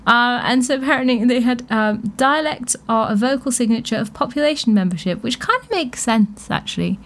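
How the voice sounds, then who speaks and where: A woman's voice: fairly high pitch, animated, a little fast, fairly bright tone. A woman hosting a radio show, chatting casually with frequent laughs and thinking aloud. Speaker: radio host.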